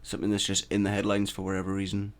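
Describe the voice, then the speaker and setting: Low-voiced laid-back man. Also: monotone, very fast. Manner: laid-back, chuckling, trailing off quietly. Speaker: podcast co-host. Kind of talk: casual podcast chat.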